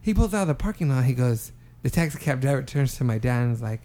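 A man's voice: mid-range voice, quick pace. A young man casually telling a rambling, profane story on a podcast, acting out what people said. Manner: animated, profane storyteller who acts out quotes. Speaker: podcast co-host.

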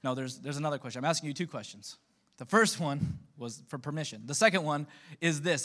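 A man in his thirties preaching a relaxed, conversational sermon as pastor, full of joking asides to his congregation. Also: on the high side.

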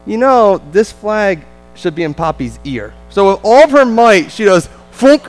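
A man with a New Jersey accent, a visiting missionary telling a lively, self-deprecating family story to a church congregation. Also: high voice, moderate pace, low-quality recording.

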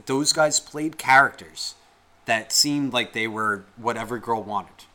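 A man's voice: medium pitch, measured pace, sharp tone. A young man co-hosting a podcast, ranting in a heated, rambling way and swearing constantly. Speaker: podcast co-host. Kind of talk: casual podcast rant.

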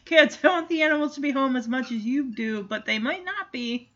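A woman voicing a patient but hurried father who explains things in a rush. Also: high-pitched, a bit bright, highs cut off.

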